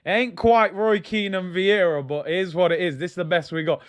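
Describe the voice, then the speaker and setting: A young man giving excitable, slang-heavy live commentary as he watches a football match, now and then bursting into shouts. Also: high-pitched, a little fast, clean tone. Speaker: football fan streamer.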